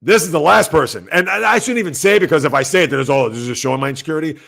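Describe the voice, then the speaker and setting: A man hosting a sports talk livestream at home, speaking loudly and emphatically, rambling conversationally and answering viewer comments. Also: on the high side, very fast, creaky. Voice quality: loud, emphatic delivery. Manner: rambling, conversational, talks back to chat.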